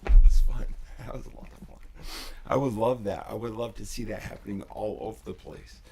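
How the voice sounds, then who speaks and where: Man, low voice, rough gravel, slow drawn-out delivery, faint room noise, desk mic. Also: fairly even intonation. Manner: intense, drops into whispers and breaks into shouts; rambling, restarts often, swears. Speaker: livestream host. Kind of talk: emotional livestream monologue. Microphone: desk USB microphone.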